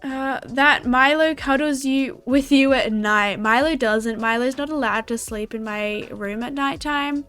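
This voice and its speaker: Giggly Australian teen girl, high voice. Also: fairly bright tone, smooth. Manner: bubbly, giggly, chatty. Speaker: gaming YouTuber. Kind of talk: casual vlog chat.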